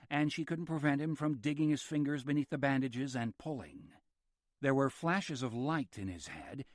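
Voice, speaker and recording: This is scripted narration from a male audiobook narrator with a measured delivery and a mid-range voice. The studio sound is clean, with no room sound.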